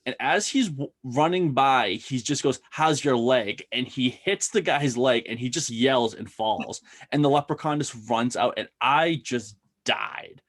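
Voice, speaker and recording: A man's voice: medium pitch, measured pace, hardly any pauses. A man co-hosting a casual horror-film chat, retelling scenes expressively and laughing at them. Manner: expressive storyteller, laughs at his own recaps. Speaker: podcast co-host.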